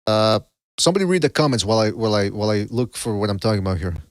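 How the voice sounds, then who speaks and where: A man's voice: lowish voice, lively intonation, racing, no room sound, studio quality. A man hosting a casual podcast, joking, laughing often and drifting into asides. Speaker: podcast host.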